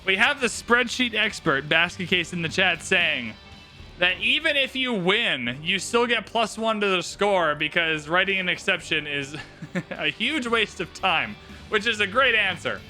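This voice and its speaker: A high, very bright male voice gives relaxed, joking commentary on a strategy game during a livestream. He chats along with easy playful asides. Faint game music plays underneath. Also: measured pace.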